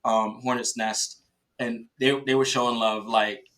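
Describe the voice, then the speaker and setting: A man talking casually on a podcast, telling a rambling, excited story with many restarts and laughs, and acting out what his teammates said. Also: mid-range voice, measured pace. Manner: quotes teammates in lively voices. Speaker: podcast guest, paintball player.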